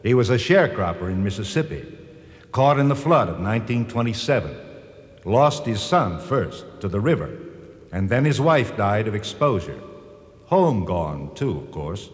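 An actor playing a reflective personification of history, speaking earnestly and gently correcting others. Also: male voice, fairly low pitch, big pitch swings, normal speed. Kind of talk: scripted drama narration. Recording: long reverb.

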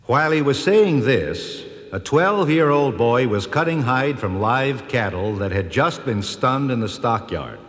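An actor playing a reflective personification of history, speaking earnestly and gently correcting others. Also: male voice, mid-range voice, lively intonation, unhurried, hardly any pauses, close to an everyday voice. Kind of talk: scripted drama narration. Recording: long reverb.

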